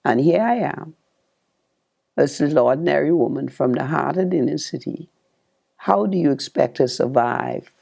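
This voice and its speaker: Slow, gravelly older woman storyteller. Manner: animated storyteller who rises sharply in pitch when reliving excitement; repeats and restarts phrases, addresses listeners directly. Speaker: former politician telling her story. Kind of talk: personal storytelling speech.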